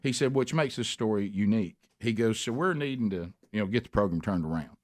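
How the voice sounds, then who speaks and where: A middle-aged man hosts a radio talk show, rambling through a long story with restarts and acting out quotes in sudden high-pitched shouts. His voice sits low, and the sound is dry and close to the mic. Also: expressive, quick pace, no echo.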